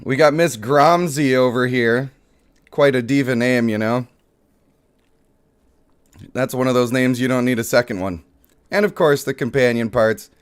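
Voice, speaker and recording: A young man hosting a live mobile game stream, joking and hyping up his pulls for chat. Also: medium pitch. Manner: playful, excitable, joking with chat.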